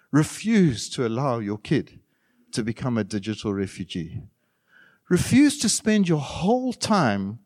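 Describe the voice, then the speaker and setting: A middle-aged man preaching a sermon as pastor, animated, with sudden loud bursts and quiet asides. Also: medium pitch.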